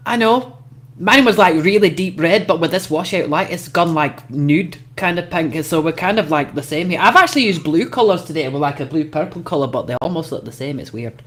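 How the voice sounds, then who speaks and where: A woman's voice: sits low, expressive, fairly quick. A brash woman hosting a casual livestream chat, swearing freely and laughing often. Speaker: host.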